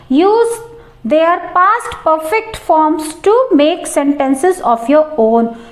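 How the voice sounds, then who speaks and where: A woman's voice: high-pitched, echoey room. A woman teacher, explaining a textbook lesson to students step by step and often addressing them directly.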